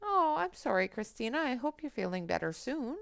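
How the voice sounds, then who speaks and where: A woman's voice: on the high side, big pitch swings, fairly quick, gravelly, fairly bright tone, no room sound. A woman hosting a colouring livestream on a headset mic, chatting casually and greeting viewers by name as she works.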